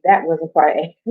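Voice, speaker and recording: Pitched on the high side, this livestream host talks from home over background noise in dull lo-fi audio. She rambles, chats to her viewers, and swears offhandedly.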